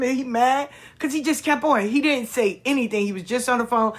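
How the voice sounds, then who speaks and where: A woman hosting her own podcast, telling stories in a casual monologue that swings from hushed asides to loud, drawn-out emphasis. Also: high voice. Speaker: podcast host.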